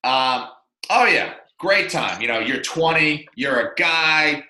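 A young man tells a long story in a casual, rambling way, full of fillers and self-deprecating asides. His voice is very bright and sits a little high. The room around him sounds echoey. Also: animated, slow. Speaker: podcast co-host.

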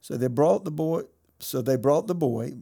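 Gravelly-voiced man preaching with emphasis. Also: a little high, moderate pace, mellow. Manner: emphatic preaching, reading scripture aloud. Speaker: pastor. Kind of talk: sermon.

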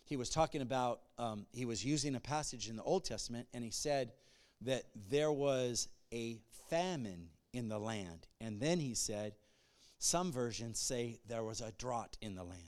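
A male pastor giving a sermon, moving between conversational asides and loud call-and-response bursts. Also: medium pitch, moderate pace.

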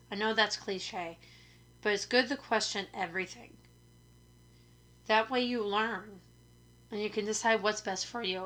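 Hoarse, chatty woman podcast host. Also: mid-range voice, fairly bright tone. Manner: chatty, self-deprecating, rambling. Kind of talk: casual chat. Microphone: studio microphone.

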